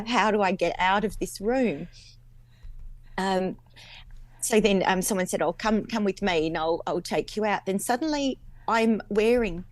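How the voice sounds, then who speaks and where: A woman's voice: medium pitch, dry recording. A woman in her fifties with an Australian accent, a guest chatting as she recounts a dream, with lots of fillers and repeats. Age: 50s.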